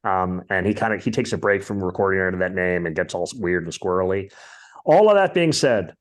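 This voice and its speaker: A man's voice: sits low, animated, brisk. Opinionated podcast host, rambling man. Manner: opinionated and rambling, with many fillers. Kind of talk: casual music chat.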